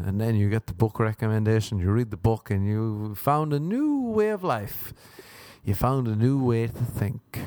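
Alone on his podcast in Los Angeles, an Irish man rambles through a comedic monologue, swearing, mocking himself and jumping suddenly in pitch. His voice has a dark tone, with no echo.

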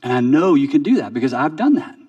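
Conversational pastor preaching from a distance. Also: male voice, mid-range voice, very animated, fast talker, breathy edge, dry recording, dull audio. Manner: conversational, repeats words, drops soft for emphasis. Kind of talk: sermon.

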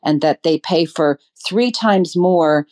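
A woman with a low voice gives a political interview. She talks in an earnest, passionate way, pausing on ums and restarting her sentences as she works out her thoughts. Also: darkish tone. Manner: thinks aloud with ums and restarts. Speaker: guest.

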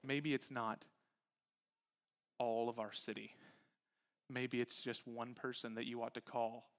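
A male pastor preaching a Sunday sermon in a conversational way. His voice sits at an ordinary middle pitch. He drops low and quiet for intimate lines and then lifts into animated bursts. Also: slow pace. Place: church sanctuary with live congregation.

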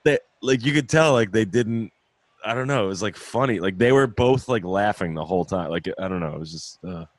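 Brief: deep-voiced young podcast host, laid-back and sweary, dry close sound. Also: male voice, animated, fairly quick, no room sound. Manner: laughing, loose, swears freely. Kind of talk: casual chat.

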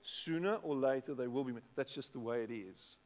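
A middle-aged man with a South African accent, preaching a sermon in a conversational way, repeating words and breaking into animated bursts. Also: mid-range voice, brisk. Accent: South African English. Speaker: pastor. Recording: long hall reverb.

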